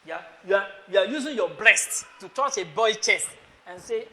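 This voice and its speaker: A man's voice: sits high, expressive, moderate pace, a bit bright, slight background noise. A man with a Nigerian accent preaching a sermon to students. He scolds them with rhetorical questions and calls on listeners by name. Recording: echoey hall.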